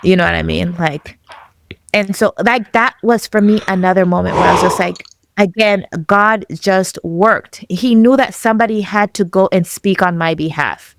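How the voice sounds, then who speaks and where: A young woman tells her own story on a podcast with lively, animated delivery. She often slips into the voices of the people she quotes and laughs along the way. Her mid-range voice is recorded close and dry, with no room sound. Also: medium pitch, normal speed, gravelly, no room sound. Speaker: podcast guest. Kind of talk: personal storytelling.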